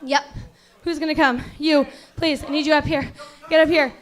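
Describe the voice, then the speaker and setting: High-voiced woman doing stand-up crowd work. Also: steady tone, moderate pace. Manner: mock-serious acting teacher, bursts into outraged yelling. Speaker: stand-up comedian. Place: comedy venue stage.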